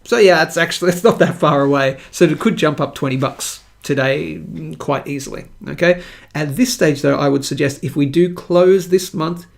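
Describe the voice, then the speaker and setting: A man's voice: on the high side, normal speed, creaky. An Australian man hosting a live stream, chatting with viewers in a playful, rambling way and joking at himself. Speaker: live-stream show host.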